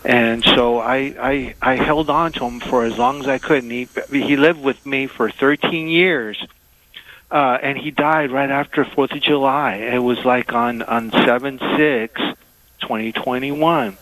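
A man phones in to a call-in radio show and tells a heartfelt personal story. He speaks haltingly and hesitates often. His voice is bright and forceful, and the sound is dry and close. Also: mid-range voice, steady tone, dry recording, low-quality recording. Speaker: caller.

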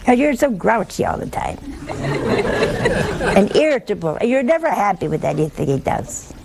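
Older woman preacher with a gravelly voice. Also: mid-range voice, very animated, noisy background. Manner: storytelling, slow deliberate quoting, wry humor. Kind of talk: religious talk with anecdotes.

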